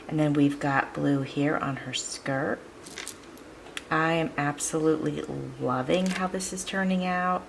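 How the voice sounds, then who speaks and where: Woman crafting host, low gravelly voice, chatty and upbeat, faint hiss behind. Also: low-quality recording. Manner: chatty, upbeat, laughs often while working. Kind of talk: casual crafting tutorial chat.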